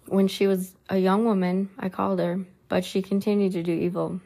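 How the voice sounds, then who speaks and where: A woman reading the lines of Jesus as a gentle, solemn man in a storybook reading. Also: medium pitch, little pitch movement, gravelly. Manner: slow, soft and solemn.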